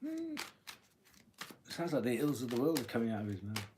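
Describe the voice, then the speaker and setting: A man's voice: mid-range voice, wildly swooping pitch, fairly quick, background noise. Man musing aloud over tarot cards. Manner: musing aloud while drawing cards, frequent throat-clearing. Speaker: tarot reader. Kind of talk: live-stream tarot reading.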